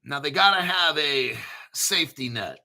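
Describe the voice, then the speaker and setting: A man hosting his own channel in a casual monologue, emphatic and repetitive, rambling and swearing, often clearing his throat. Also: fairly high pitch, animated, normal speed, bright, forceful tone. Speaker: crypto channel host.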